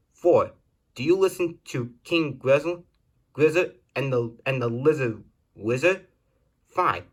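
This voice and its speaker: A man's voice: medium pitch, fairly bright tone. A man with a medium voice reads out his viewers' questions one by one and answers each in turn. His delivery is plain and earnest. He often stops mid-sentence to correct a word.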